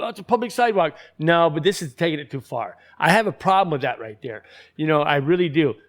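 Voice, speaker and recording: A man ranting in casual commentary, heated and profane, rambling with many restarts. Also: fairly high pitch.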